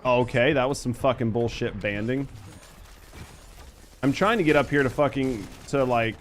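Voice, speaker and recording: A man's voice: medium pitch, moderate pace. Male streamer, 30s, mid-range voice, loose profane banter while gaming, faint background noise. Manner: profane, joking, reads chat aloud while playing. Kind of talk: casual gaming stream chat.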